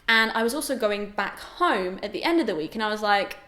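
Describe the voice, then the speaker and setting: A young adult woman chatting casually to camera as a vlogger, animated and exclaiming. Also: mid-range voice, a little fast, hardly any pauses. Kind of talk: casual vlog chat. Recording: roomy echo.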